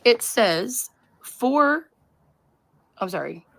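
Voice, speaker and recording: A woman's voice: a little high, expressive, very slow, gravelly. A woman hosting a live stream, talking to her chat in a rambling, conspiratorial way and often interrupting herself. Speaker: livestream host.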